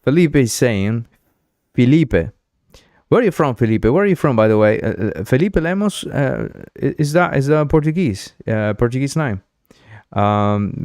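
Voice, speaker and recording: A young man from Uruguay, hosting a game engine livestream in a rambling, excitable chat full of fillers. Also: mid-range voice, clear, resonant tone, no room sound, clean studio sound. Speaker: livestream host.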